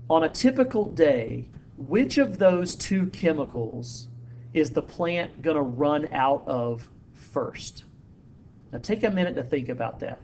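Slow, patient male biology teacher. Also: on the high side, a little mellow, slight background noise. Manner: slow, explanatory, posing questions to students; uses fillers like um and uh. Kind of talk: recorded classroom lecture.

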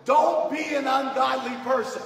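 A male pastor preaching a sermon in call-and-response, asking the church to finish his lines and rising to shouts on key points. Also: extremely high pitch, fairly even intonation, moderate pace, creaky, a crowd in the background. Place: church sanctuary. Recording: echoey church hall, mic far off.

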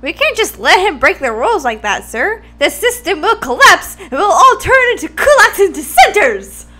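Woman doing a loud, outraged schoolboy bird. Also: on the high side, lively intonation, moderate pace. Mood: indignant. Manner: loud, worked-up.

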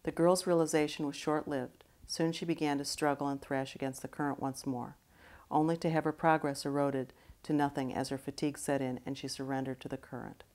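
A middle-aged woman, an art therapist, narrating in a soft-spoken, earnest, measured way. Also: low voice, flat delivery. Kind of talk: reflective spoken-word narration.

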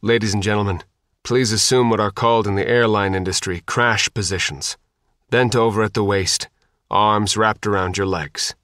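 A man's voice: mid-range voice, unhurried, hardly any pauses, fairly bright tone, no echo, studio quality. A man voicing a large man who pleads with his wife, then speaks tonelessly. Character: big desperate man, loving, then numb.

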